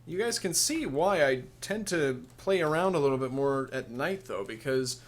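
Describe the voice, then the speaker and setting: A man's voice: mid-range voice, animated, normal speed. A man giving casual let's play commentary, sarcastic and grumbling, cursing and laughing at the game.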